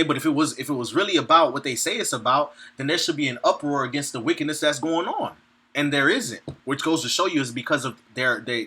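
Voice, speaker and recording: A man's voice: mid-range voice, sharp tone, slightly rough. A man giving an informal sermon, reading scripture aloud and commenting bluntly and profanely, laughing between points and checking in with his listeners. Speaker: preacher.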